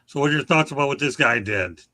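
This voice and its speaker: A man's voice: mid-range voice, lively intonation, fast, sharp tone, rough recording. A man hosting a casual talk show, boisterous and folksy, telling stories. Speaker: host. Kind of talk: casual radio chat.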